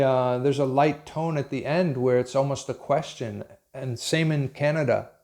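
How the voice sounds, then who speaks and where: A man's voice: medium pitch, darkish tone. A man from Pennsylvania with an American accent, an English teacher talking casually and frankly to his viewers, often chuckling at his own points. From Pennsylvania, USA. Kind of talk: casual unscripted talk to camera.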